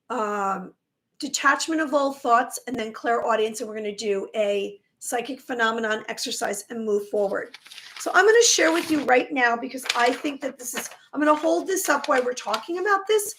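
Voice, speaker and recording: A woman talking casually on a live stream as a spiritual teacher, warm in her encouragement and tripping over words, her voice going hoarse. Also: a little high, normal speed. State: losing her voice.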